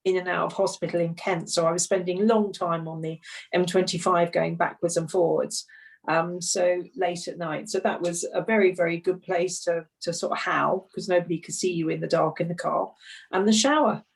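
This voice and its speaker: A woman who runs a grief support group, speaking gently and reflectively in an online group discussion. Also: on the low side, steady tone, normal speed, gravelly. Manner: gentle, reflective, laughs softly between thoughts. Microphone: video call. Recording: distant video call mic.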